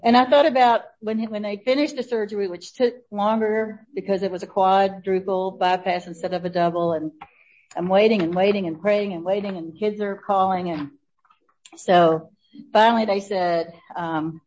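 A woman, sharing a personal testimony with an audience, telling the story warmly and laughing often. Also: mid-range voice, fairly even intonation, normal speed, dull audio. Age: 70s.

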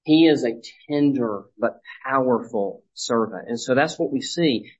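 A man's voice: mid-range voice, expressive, measured pace. Conversational male pastor, slightly muffled. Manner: conversational, many restarts, acts out quoted lines. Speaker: pastor teaching a Bible study. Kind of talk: teaching sermon.

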